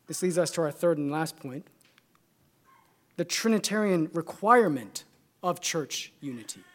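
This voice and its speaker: Californian-accented male preacher, measured, emphatic, builds points by repetition. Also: a little high, expressive. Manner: measured and emphatic, building through repeated phrases. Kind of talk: sermon.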